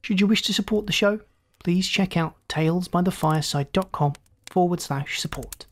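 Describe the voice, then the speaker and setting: A storyteller host giving calm, scripted narration of a science fiction tale. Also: mid-range voice, normal speed.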